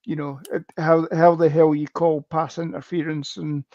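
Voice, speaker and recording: A man's voice: fairly high pitch, little pitch movement, normal speed, darkish tone, no room sound. A man from the United Kingdom co-hosting a casual sports podcast, rambling and emphatic. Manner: rambling, emphatic, swears mildly. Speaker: co-host. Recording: dull lo-fi dry recording.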